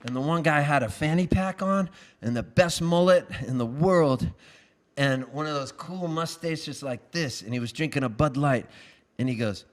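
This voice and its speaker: Wry, high-voiced male storyteller on stage. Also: normal speed. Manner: wry, self-mocking, animated storyteller. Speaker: singer-songwriter. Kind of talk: live song and stage storytelling. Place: live venue stage. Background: acoustic guitar.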